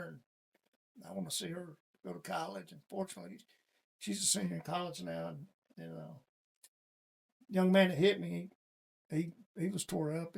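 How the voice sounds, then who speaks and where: A man's voice: sits high, gravelly, slightly rough. A middle-aged man telling a personal story in a casual, folksy interview. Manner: folksy, plain-spoken storyteller. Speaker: guest.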